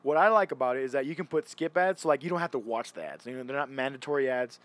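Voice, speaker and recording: A man's voice: medium pitch, fast, no echo. A young man chatting casually, rambling and restarting often as he retells stories. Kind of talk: casual chat.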